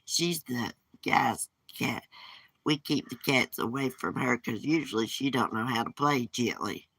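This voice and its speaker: A woman chats on a live stream from outdoors on her porch. She is gossipy, blunt and swears freely, and her voice is bright and forceful. The sound is dry, with little echo. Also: very deep voice, unhurried, gravelly, breathy edge. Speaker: livestream host. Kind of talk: casual live-stream chat.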